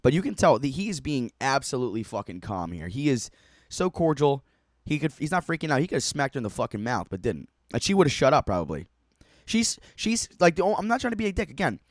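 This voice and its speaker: A man's voice: mid-range voice, very animated, fast talker, no echo. Guy cussing and laughing through a clip, really bouncy voice, dead dry sound. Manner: profane, laughing, mocking running commentary. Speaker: streamer reacting to a video. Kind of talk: casual reaction commentary.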